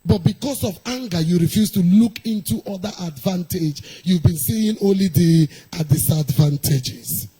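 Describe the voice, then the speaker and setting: A middle-aged woman, a pastor's wife telling a personal story in a sermon, animated and laughing often. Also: fairly low pitch, normal speed, few pauses, husky, rough recording.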